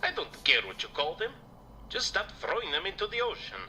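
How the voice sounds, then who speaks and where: Smug preachy game vampire, real bright sharp voice, lots of swing in the pitch. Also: male voice, sing-song, a little fast, a little hiss or hum, full character voice, rough recording. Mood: lecturing. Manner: lecturing, theatrical. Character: preachy eco-minded male vampire, smug.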